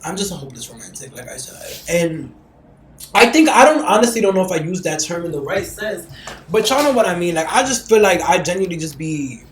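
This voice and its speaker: A woman's voice: lowish voice, brisk. Blunt, profane woman podcaster in an echoey room. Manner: blunt, profane, animated, acts out quotes. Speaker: podcast host. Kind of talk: casual storytelling chat. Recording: roomy echo.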